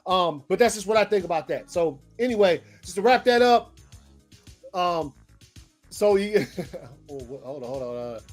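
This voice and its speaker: Man, high voice, casual host, slangy, profane, animated commentary, faint music. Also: normal speed, pauses often. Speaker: pop-culture show host.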